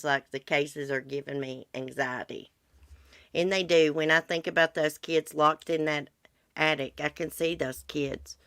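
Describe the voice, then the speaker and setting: A congested middle-aged woman with a deep, fairly bright, clean voice hosts a livestream, chatting bluntly and casually with live viewers about true crime. The recording is dry and studio quality.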